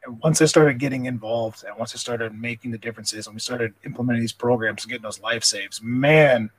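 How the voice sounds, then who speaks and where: A man's voice: mid-range voice, fairly quick, a little hiss or hum, low-quality recording. A man, a police officer and nonprofit founder, telling his story earnestly and with emotion in a conversational interview.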